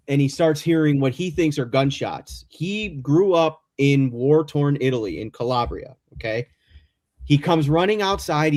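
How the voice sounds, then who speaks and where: A man's voice: a little high, darkish tone. A man from the Chicago area, a guest on a remote call, telling rambling stories full of tangents and apologies. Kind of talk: casual chat. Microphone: remote call mic.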